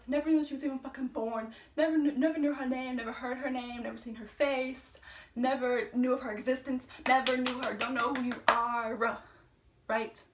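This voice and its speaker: A young woman with a high, bright-sounding voice tells a storytime vlog tale in an excitable, profane rush. She speeds up whenever she gets worked up. Her voice sits back from the mic, and the room gives it a roomy echo. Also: recorded from a distance. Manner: excitable, talks fast when worked up, heavy swearing. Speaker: vlogger telling a story.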